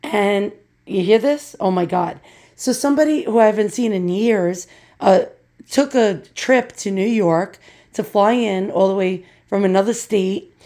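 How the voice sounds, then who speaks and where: This is a hoarse woman whose voice is creaky and croaky because she is losing it. She talks in a dark, mellow tone. She rants casually and swears freely as she hosts a vlog about vintage glass. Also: medium pitch. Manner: profane, ranting, self-deprecating. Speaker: vintage glass video host.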